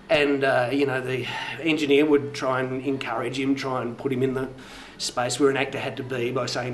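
A middle-aged man with an Australian accent, a voiceover artist telling a rambling story in a deadpan manner during an interview. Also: medium pitch, normal speed, hardly any pauses. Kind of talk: mockumentary interview anecdote.

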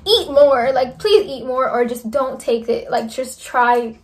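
A woman's voice: high-pitched, animated, a little slow. A young woman in her twenties, a vlogger giving a candid, chatty recovery update full of "like" fillers. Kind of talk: casual recovery update vlog.

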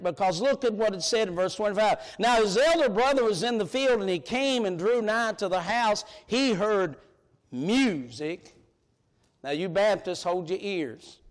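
Male preacher, very high pitch, emphatic, colloquial, shouts at the peaks. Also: expressive, moderate pace. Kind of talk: sermon. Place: church sanctuary.

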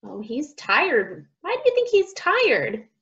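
A young woman, a speech therapist, reading a picture book to children, slowly modeling sounds and praising each try. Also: high-pitched, wildly swooping pitch, fairly bright tone, lo-fi sound. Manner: slow, drawn-out modeling of sounds, encouraging praise.

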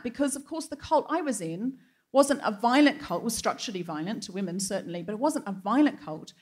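A woman's voice: fairly high pitch, animated, a little fast, a little mellow, slightly rough. A woman hosting a live comedy show, telling a chatty personal anecdote with wry punchlines, speaking from a theatre stage. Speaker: host.

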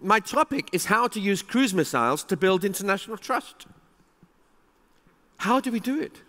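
A man delivering a conference keynote with lively, emphatic energy, his voice sitting high for a man. The sound carries a long reverberant tail from a large hall around him. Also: normal speed. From England. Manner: animated, emphatic, with rising exclamations. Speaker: keynote speaker.

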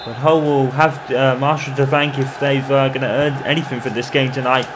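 A man commentating on his own football video game in the manner of a match broadcaster, calling the play and getting loud at goals. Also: mid-range voice, flat delivery, moderate pace, noisy background. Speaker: gaming commentator. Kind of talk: mock football match commentary over gameplay.

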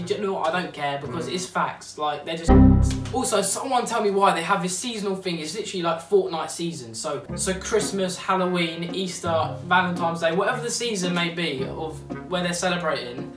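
A vlogger rants to camera in a sarcastic, exasperated and rambling way. The voice sounds distant from the mic in an echoey room, with music playing clearly in the background. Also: medium pitch, brisk. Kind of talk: comedic rant to camera.

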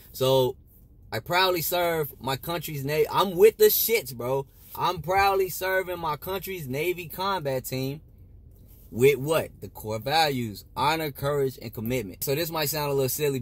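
A man's voice: on the high side, dry recording. Laid-back slangy man talking in a car. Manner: repeats lines in a chanting loop. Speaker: vlogger giving Navy study tips. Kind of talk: casual advice vlog. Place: in a parked car.

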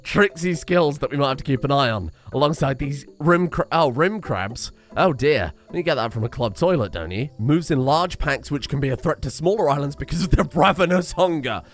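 This game streamer from England's West Country speaks with a fairly high pitch, lively intonation and a moderate pace, hardly pausing. He keeps his let's-play commentary relaxed and full of jokes, cursing without restraint.

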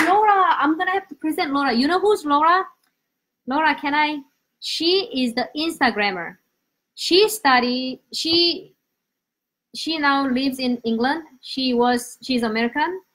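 A woman teaching Korean on a live lesson, animated, switching between Korean and English, with uneven English grammar. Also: sits high. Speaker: Korean language teacher, host. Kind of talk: live-stream language lesson.

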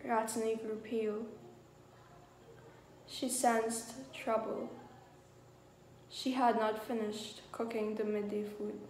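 A woman narrating a short story aloud in a measured, grave manner. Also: a little high, little pitch movement, a little mellow, a little hiss or hum. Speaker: reader. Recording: echoey room with faint ambience.

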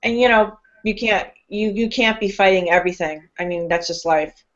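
A woman's voice: medium pitch, normal speed, highs cut off. A woman hosting a talk show, speaking in a casual, emphatic way with long, loose, philosophical runs. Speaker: host.

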